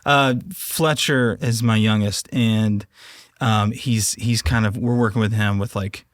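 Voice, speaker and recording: A man's voice: on the low side, fairly even intonation, a little slow, no echo, clean studio sound. A man on a podcast, speaking hesitantly and self-deprecatingly about his sons. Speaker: podcast guest. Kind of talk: casual podcast discussion.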